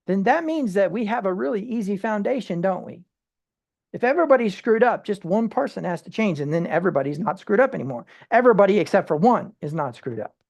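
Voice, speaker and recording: A Bible study teacher speaking informally, with many rhetorical questions and quick restarts, sometimes acting out everyday people in short quoted asides. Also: medium pitch, gravelly.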